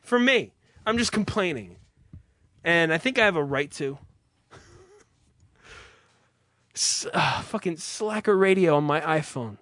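A man's voice: on the high side, animated, measured pace, pauses often, fairly bright tone, no room sound. A young man hosting a podcast, ranting in an irritated, profane, unscripted way, then reading an ad. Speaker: podcast host. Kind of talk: profane rant and ad read.

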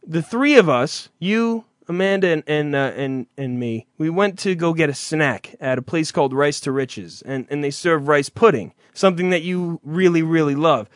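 A man hosting a podcast, teasing his cohost with profane, rambling stories and loud impressions. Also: fairly high pitch, moderate pace, few pauses, no room sound, clean studio sound. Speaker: podcast host. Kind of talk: casual profane banter.

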